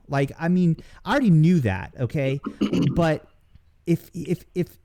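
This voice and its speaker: A man's voice: fairly high pitch, a little slow, creaky, warm tone. A man on a casual panel chat, ranting with heavy swearing and many restarts. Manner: profane, ranting, lots of restarts.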